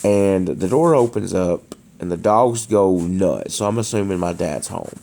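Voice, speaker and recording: A man's voice: low-pitched, lively intonation, measured pace, gravelly, mellow. A man casually telling a story at home, hesitant, with frequent restarts and fillers. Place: dark room at home.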